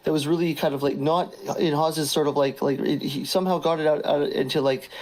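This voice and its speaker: A man's voice: a little high, fairly even intonation, fairly quick, darkish tone, low-quality recording. A man hosting a casual livestream chat, rambling and swearing freely, often breaking into laughter. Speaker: livestream host.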